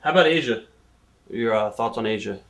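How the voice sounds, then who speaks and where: A woman with an extremely low voice conducts an interview. She asks casual, loose questions and chimes in with quick affirmations. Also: animated. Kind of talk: wrestling shoot interview.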